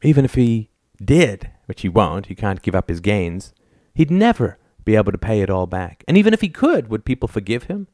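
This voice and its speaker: A man's voice: lowish voice, big pitch swings, normal speed, few pauses, warm tone, no room sound, clean studio sound. A man reading a grave, melancholy young scholar. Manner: earnest, grave.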